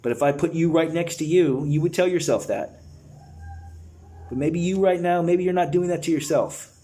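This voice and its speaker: A man's voice: a little high, normal speed, dark tone. A man leading a guided breathwork session, earnest and encouraging, talking in a casual, slangy way to his listeners. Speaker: breathwork facilitator.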